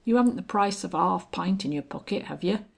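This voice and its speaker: Sly chummy tramp as a woman reads him, storybook character, wheedling, husky. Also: medium pitch, lively intonation, brisk. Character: shabby, affable male tramp, cheeky and sly.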